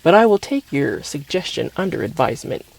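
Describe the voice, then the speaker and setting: Brief: tender British dad in a storybook, soft and dry-humored, slightly raised pitch, read by a man. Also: very animated, brisk, vocal fry, exaggerated voice, rough recording. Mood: wry.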